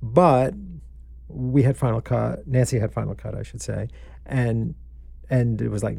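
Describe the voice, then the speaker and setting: A man who produces films recalls past productions in an easygoing, conversational way with quick asides. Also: mid-range voice, fairly even intonation, creaky, mellow, slightly rough, no room sound. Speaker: film producer. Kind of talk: casual conversation about filmmaking.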